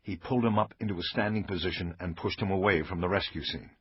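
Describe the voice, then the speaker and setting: A man's voice: low voice, quick pace, husky, no room sound. A man giving a scripted audiobook narration of a crime novel in a dramatic reading manner. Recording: dull lo-fi audio with faint music.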